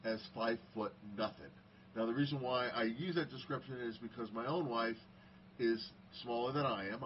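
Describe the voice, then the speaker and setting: In a casual storytelling monologue, a middle-aged man from the United States shares personal stories with a mid-range voice. He talks conversationally, performing the dialogue he quotes, and the recording sounds a bit dull with a faint hiss behind it.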